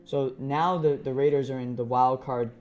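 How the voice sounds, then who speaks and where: A man on a sports podcast talks football in easy, joking banter, cursing now and then. His voice sits at an ordinary pitch. A faint studio ambience runs underneath. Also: fairly even intonation, normal speed, muffled recording, slight background noise. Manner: profane, joking fan banter. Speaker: podcast co-host. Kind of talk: casual sports chat.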